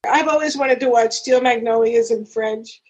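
A woman's voice: a little high, normal speed, husky, poor audio. A woman hosting a casual interview, asking short follow-up questions. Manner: asks brief follow-up questions.

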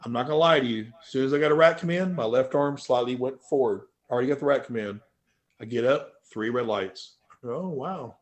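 A man, a powerlifter guest, telling a story in a casual podcast chat. He swears freely and his voice jumps loud and high when he quotes himself. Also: brisk.

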